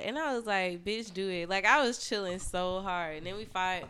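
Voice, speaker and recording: Speaking at a moderate pace with few pauses, a young adult woman with a lowish, clean-toned voice tells an explicit story as a podcast guest. The chat is casual, animated and profane, packed with "like."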